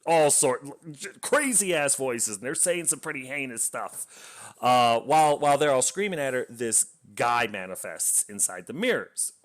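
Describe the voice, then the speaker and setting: A man's voice: medium pitch, big pitch swings, moderate pace. A man reviewing a book, casually retelling its plot in a rambling way with lots of fillers and restarts.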